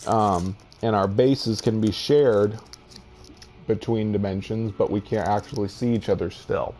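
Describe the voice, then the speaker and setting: Male gameplay host, low-pitched, thoughtful and halting, soft game music behind. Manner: musing, hesitant, with fillers and restarts. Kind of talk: casual gameplay commentary.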